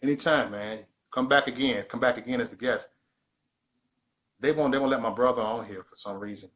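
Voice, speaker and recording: A man's voice: medium pitch, fairly quick, fairly bright tone. A man hosts a casual livestream. He preaches in an emphatic, repetitive way and keeps circling back to the same point. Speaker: livestream host.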